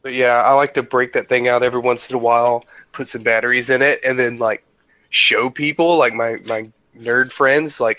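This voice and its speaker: Man, podcast co-host, mid pitch, excited, rambling, dry close mic. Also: brisk, no room sound, poor audio. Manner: enthusiastic, rambling, lots of "like". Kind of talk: casual chat.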